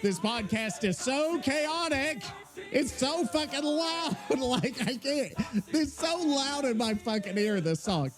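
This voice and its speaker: A man's voice: extremely high pitch, lively intonation, slow pace, music in the background. A man hosting a gaming podcast, talking loosely and profanely with frequent rambling. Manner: loud, profane, laughing, rambling. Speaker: podcast host. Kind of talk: casual chat.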